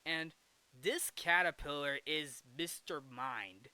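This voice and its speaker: Guy recapping a movie casually, kinda high bright voice, keeps correcting himself. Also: slow pace, clean tone, dry recording. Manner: rambling, frequent self-corrections and restarts. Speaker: film review host.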